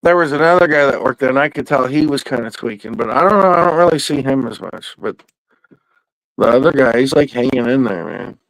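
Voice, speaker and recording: A man hosts a podcast and tells his stories in a loose, meandering way, swearing freely and drawling through asides. His voice sits at an ordinary middle pitch. The sound is dry and close, with no room around it. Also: expressive, a little fast, a bit bright, dry recording, low-quality recording. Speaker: podcast host. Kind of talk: casual rambling storytelling.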